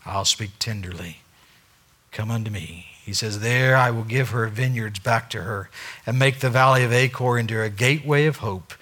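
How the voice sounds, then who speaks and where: A male pastor preaching a sermon, swinging between loud, acted-out dialogue and hushed asides. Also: mid-range voice.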